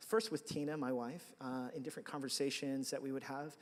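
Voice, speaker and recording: A man's voice: medium pitch, little pitch movement, a little fast, big-room sound. A man preaching a sermon as pastor, telling stories conversationally with self-deprecating asides. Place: large church hall.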